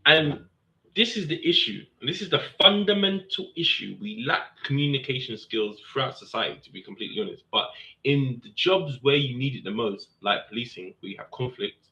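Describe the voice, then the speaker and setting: A man, a serving police officer, casually telling a story and acting out the other people's lines with a lifted voice. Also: fairly quick. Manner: animated, acts out quotes with raised pitch. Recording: dull lo-fi sound.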